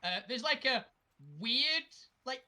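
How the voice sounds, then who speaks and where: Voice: high voice, lively intonation, takes it slowly, sharp tone. A player of a tabletop game, talking casually with many hesitations. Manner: hesitant, filler-heavy. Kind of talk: casual chat.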